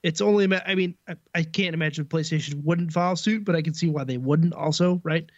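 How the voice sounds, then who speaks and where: A man's voice: on the high side, quick pace, no room sound, dull audio. A man in a casual podcast chat, reasoning aloud in a matter-of-fact way.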